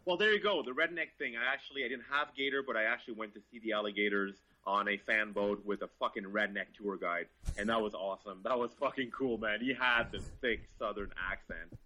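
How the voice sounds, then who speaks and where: Laughing man, bright voice. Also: fairly low pitch, fairly quick, hardly any pauses, rough recording. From Quebec, Canada. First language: French. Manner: laughing, profane, animated storytelling. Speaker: guest car reviewer. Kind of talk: casual chat.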